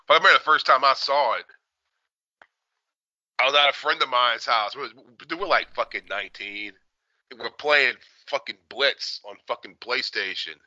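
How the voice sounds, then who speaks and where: A man in his forties, a podcast co-host, telling stories in a profane, animated, casual way. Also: medium pitch, moderate pace, no echo, dull audio. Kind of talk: casual chat.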